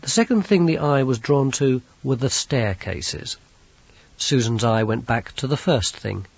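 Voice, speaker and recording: A man narrating an audiobook in a measured storytelling manner, with a husky voice. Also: lowish voice. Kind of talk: scripted narration. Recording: dull, lo-fi audiobook recording.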